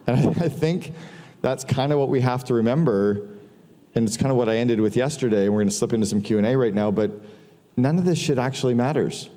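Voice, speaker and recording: A middle-aged man speaks to an audience in a large hall, delivering a casual business talk full of profanity and stories with quoted dialogue. His voice is mellow, sits on the low side, and moves a little fast. A long hall reverb trails the recording.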